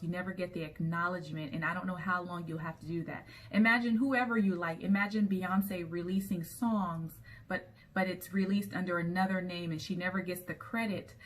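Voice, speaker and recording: A woman recapping a TV episode in a chatty storytelling way, with frequent ums as she goes. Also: fairly low pitch. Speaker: TV episode reviewer.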